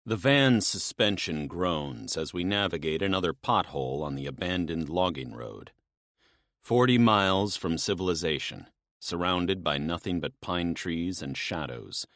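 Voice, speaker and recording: Male audiobook narrator, very deep voice, lively expressive reading, dry studio sound. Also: dry recording. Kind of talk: scripted romance narration.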